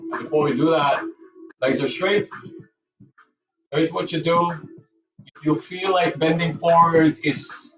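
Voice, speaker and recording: A Filipino yoga and movement instructor with a Cebuano accent guides a dance studio class unhurriedly, leaving long pauses as he counts, cues breathing and encourages. His slightly high voice holds a steady tone, recorded from a distance with reverb, music underneath and the highs cut off.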